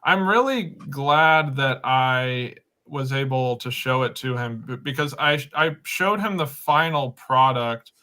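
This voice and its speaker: A man in a casual interview, speaking haltingly with many restarts as he recalls showing a film to a friend. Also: medium pitch, animated, pushed and bright.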